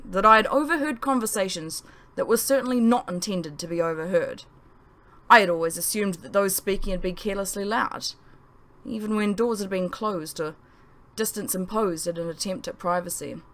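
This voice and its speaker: A woman author narrating her own novel as an audiobook. She tells it in the first person, leaning into the feelings of each line. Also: lowish voice. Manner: expressive first-person storytelling.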